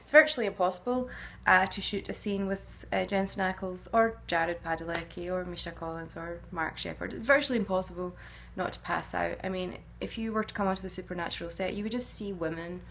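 Casting note: actress answering fan questions to camera, middle-aged woman, low gravelly voice, casual and musing. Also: fairly even intonation, brisk, few pauses, a bit bright, slight background noise. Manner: chatty and musing, with frequent hesitations.

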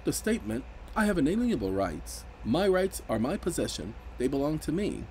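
A man's voice: fairly high pitch, very animated, brisk, vocal fry, a little mellow, slight background noise, rough recording. Emphatic man explaining legal rights. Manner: emphatic, rises sharply when indignant. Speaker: legal commentator. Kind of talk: casual explanatory commentary.

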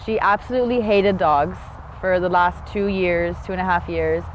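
A woman's voice: lowish voice, moderate pace, slight background noise, poor audio. A woman giving a plain testimonial as a client, recounting her experience.

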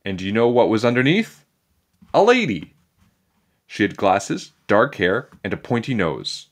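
Animated lower-voiced man reading aloud. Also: normal speed. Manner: animated, playful storytelling. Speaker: storybook reader. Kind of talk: reading a children's chapter book aloud.

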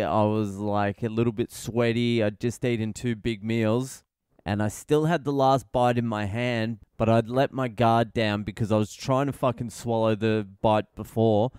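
Middle-aged Australian comedian-host, foul-mouthed ranting storyteller, smooth voice, dry close sound. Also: male voice, mid-range voice, a little mellow, no echo. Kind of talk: casual comedic monologue.

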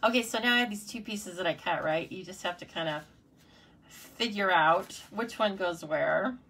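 A woman's voice: on the low side, normal speed, vocal fry, pushed and bright, a little hiss or hum. A woman demonstrating card-making in a casual live tutorial, chatty and playful, talking to herself and her viewers. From United States.

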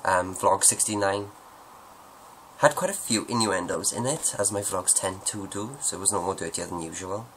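A man's voice: sits low, normal speed, fairly bright tone, a little hiss or hum, poor audio. A man answering viewer questions at home in a rambling, joking, self-deprecating way. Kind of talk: casual Q&A monologue.

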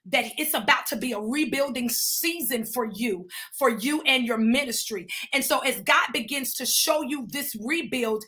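A woman leading prophetic intercessory prayer, fervent, punctuating each phrase with "Father" or "God", swelling into shouts and speaking in tongues. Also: sits high.

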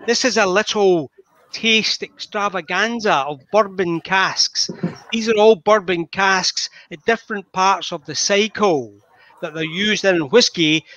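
Scottish male host, high bright voice, dry dull lo-fi call audio, chatty. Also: no room sound. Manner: chatty, greets viewers by name. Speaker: host of a whisky tasting. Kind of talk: live online tasting.

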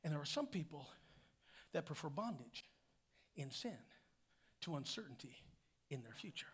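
A male pastor preaching a sermon in a call-and-response style, swinging from hushed lines to shouted ones. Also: on the high side, sing-song, moderate pace, husky.

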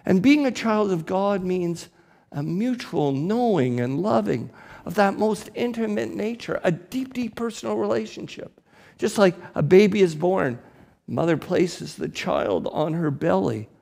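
Slow, gravelly preaching man. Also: high-pitched, animated, a little mellow. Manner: slow, deliberate preaching with emphatic rises. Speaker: priest. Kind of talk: sermon. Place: church.

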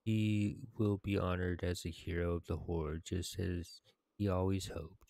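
A stern orc warlord honors the fallen in a very deep, gravelly voice, as a man reads him out. He speaks slowly in halting, solemn phrases, dark in tone and dry. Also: little pitch movement, no room sound.

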